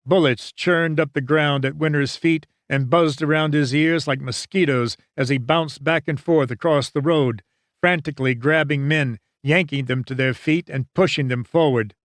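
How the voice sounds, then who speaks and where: A man's voice: fairly high pitch, steady tone, normal speed, no echo. Dry-sounding male audiobook narrator. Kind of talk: scripted narration.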